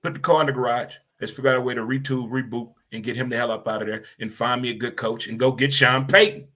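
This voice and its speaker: Host type: man, mid-range voice, punchy and animated delivery, repeats himself for emphasis. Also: mid-range voice, quick pace. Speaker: show host. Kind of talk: casual sports talk.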